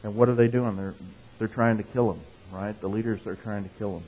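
A man's voice: lowish voice, steady tone, a little fast, mellow. A male pastor giving a conversational sermon. He reads scripture with rising emphasis, tells jokes and keeps checking in with the congregation. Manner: conversational, checks in with "right?" and "okay?". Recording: phone-like narrow sound.

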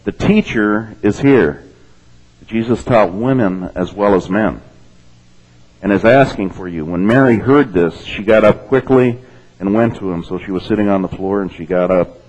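The sound is lo-fi as a pastor with a fairly low voice reads and discusses scripture at normal speed. Relaxed and conversational, he keeps checking in with his listeners through "okay?" and "amen?".

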